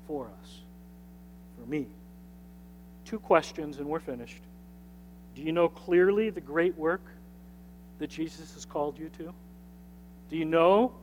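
A man with a high voice preaches to his congregation, driving his points home through repetition and inviting them to say the lines with him. His words ring out with a long reverb in a church sanctuary. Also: slight background noise. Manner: repetitive, emphatic preaching with call-and-response. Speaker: pastor. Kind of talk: sermon.

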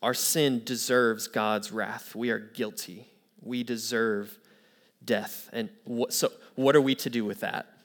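A man's voice: medium pitch, fairly even intonation, slow. A man preaching a sermon to his church, telling an anecdote and then pressing home his point earnestly. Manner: storytelling with quoted voices, then earnest preaching. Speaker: pastor.

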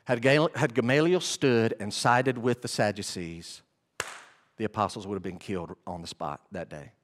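A male pastor preaching a sermon, animated and often asking the congregation questions. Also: on the low side, moderate pace.

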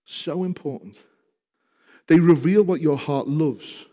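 A man preaching a sermon, speaking with passion and growing loud when he reads scripture aloud. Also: a little high, slow. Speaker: pastor. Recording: reverberant hall.

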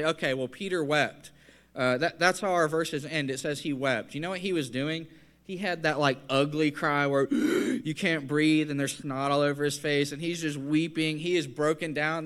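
A man delivers a sermon in an earnest, conversational tone. His voice sits on the higher side and rises as he presses a point home. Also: fairly bright tone. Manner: conversational, earnest preaching with rising emphasis. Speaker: preacher.

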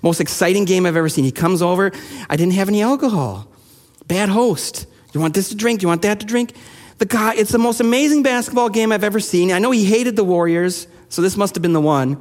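A man preaching a sermon as a pastor, telling stories in a conversational, animated way. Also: sits high, brisk, big-room sound. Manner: conversational, animated storytelling with rising intensity.

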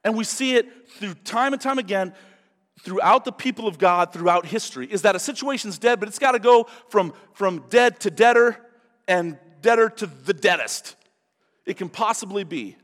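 A male pastor preaching a sermon, animated, acting out quotes in different voices. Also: high voice, moderate pace, in a large hall.

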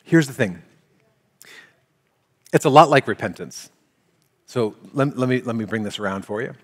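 A man's voice: mid-range voice, normal speed, long reverb tail. A man preaching a sermon as a pastor, earnest and conversational, acting out everyday scenes. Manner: animated, acts out everyday scenes with playful exaggeration.

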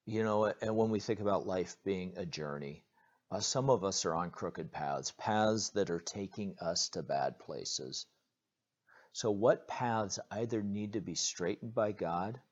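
A man with a fairly low voice preaches in an earnest, direct way, stopping on fillers and repeating words as he goes. The recording sounds dull and lo-fi, with its top end muffled. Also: slightly rough. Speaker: pastor. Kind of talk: sermon.

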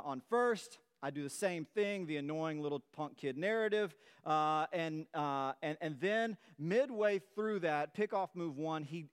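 A middle-aged pastor with a smooth, somewhat high voice preaches a relaxed, conversational sermon, telling a playful story from his youth.

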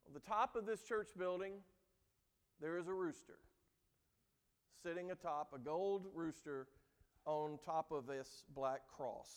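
A male pastor preaches a sermon in a church, earnest and emphatic, acting out quoted lines with mounting intensity. His voice is high, clear, and resonant, and the recording carries a long hall reverb.

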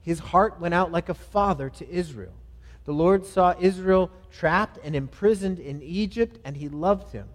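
A man's voice: high-pitched, unhurried. Earnest male pastor, echoing church. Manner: earnest, reads scripture aloud and leads prayer; builds to louder emphatic phrases, then drops soft. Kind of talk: sermon. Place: church sanctuary. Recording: long hall reverb.

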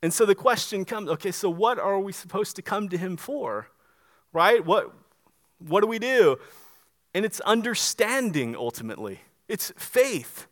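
A man with a high voice preaches a sermon. He talks to the congregation conversationally but hits his points with emphasis and keeps asking rhetorical questions. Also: lively intonation, unhurried, fairly bright tone. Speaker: pastor.

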